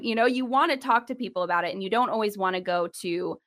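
A woman's voice: fast, few pauses. A young woman speaking as a podcast guest, giving earnest advice and acting out quoted dialogue with a lifted voice. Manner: animated, acts out quoted dialogue with rising pitch.

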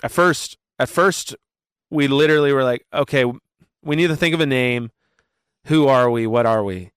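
A man talking casually in an interview, animated and full of fillers as he tells his story. His voice is smooth and resonant, at a middle pitch, and the recording is dry and close. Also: dry recording. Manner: animated storyteller with many fillers and quick asides. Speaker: worship pastor, guest.

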